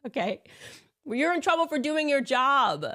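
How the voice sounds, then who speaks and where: A woman delivering opinionated political commentary in a sarcastic, animated way. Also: high-pitched, normal speed. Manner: sarcastic, animated, mocks with put-on voices.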